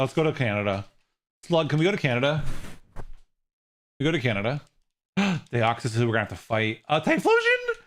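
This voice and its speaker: A man chatting casually on a game stream, rambling from thought to thought. His voice sits a little high and swings widely, leaping into squealing outbursts and mock outrage, then sinking into low, trailing mumbles. He swears freely. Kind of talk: casual livestream chat while gaming.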